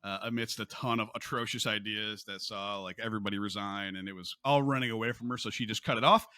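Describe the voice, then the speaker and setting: Bright, lively male podcast host. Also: fairly low pitch, fast talker, smooth, dry recording, clean studio sound. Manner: lively, joking, with restarts. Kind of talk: casual podcast chat.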